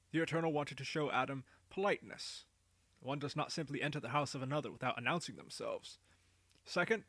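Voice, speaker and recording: A man's voice: on the high side, a bit bright, no room sound. Man narrating a storybook in a dry voice. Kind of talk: reading a story aloud.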